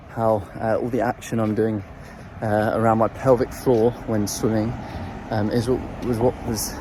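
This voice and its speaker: Mellow-voiced man rambling about singing. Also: medium pitch, a little hiss or hum, rough recording. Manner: rambling, hesitant, full of ums and restarts; demonstrates throat sounds while talking. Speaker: voice coach sharing singing tips. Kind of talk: casual explanatory vlog.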